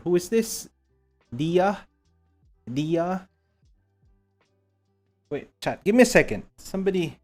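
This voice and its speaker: A man with a Filipino accent streaming live, rambling casually to his chat while he sorts out his software. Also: medium pitch. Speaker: VTuber streamer.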